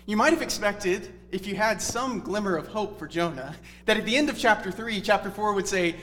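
A man's voice: high-pitched, normal speed, fairly bright tone, a little hiss or hum. A man preaching an expository Bible sermon in a conversational, earnest teaching tone. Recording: reverberant hall with faint music.

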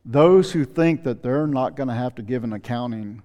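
A man preaching a sermon in an earnest, pleading way, slowing down to stress scripture. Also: medium pitch, dark tone. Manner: earnest, pleading, reads scripture aloud with slow emphasis. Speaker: pastor. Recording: long reverb of a hall.

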